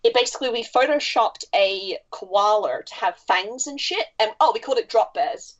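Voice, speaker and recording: A woman's voice: on the high side, moderate pace, highs cut off. Australian woman, swearing storyteller. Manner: animated storytelling, frequent swearing. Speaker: podcast co-host. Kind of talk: casual podcast chat.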